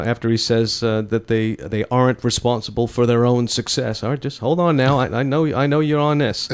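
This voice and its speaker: Wry folksy male talk show host. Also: mid-range voice. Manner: folksy, wry, repeats a catchphrase, chuckles at own jokes. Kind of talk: political talk show commentary.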